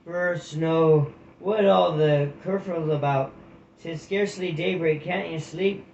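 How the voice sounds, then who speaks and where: A man's voice: on the high side, unhurried, darkish tone, slight background noise. A sleepy storybook mouse gatekeeper who grumbles, as a man acts him. The recording is roomy and dull. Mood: grumpy.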